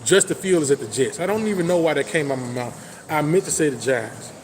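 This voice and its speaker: A man hosting a casual football talk show, hyping his team with loud, boastful trash talk. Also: on the high side, animated, fast talker, a little hiss or hum. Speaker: sports talk host. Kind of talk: casual sports chat.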